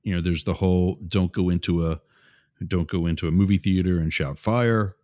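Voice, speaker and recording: Deep-voiced man hosting political talk. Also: steady tone, normal speed, darkish tone. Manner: rambling, digressive, with asides to listeners. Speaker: show host. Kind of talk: opinionated political commentary.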